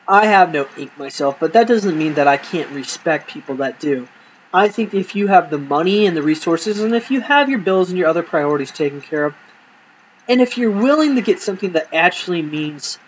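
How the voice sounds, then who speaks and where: A man's voice: fairly high pitch, a little hiss or hum, poor audio. A man telling rambling, profane comic stories from his life and acting out the dialogue. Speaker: comedy storyteller. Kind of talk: casual comedic storytelling.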